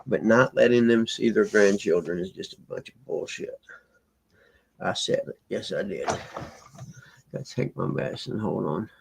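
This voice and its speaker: A man's voice: lowish voice, moderate pace, creaky, long pauses, background noise. A man hosting a live stream, rambling in a laid-back way and chatting to viewers by name. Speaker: livestream host reading chat. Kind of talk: casual live-stream chat.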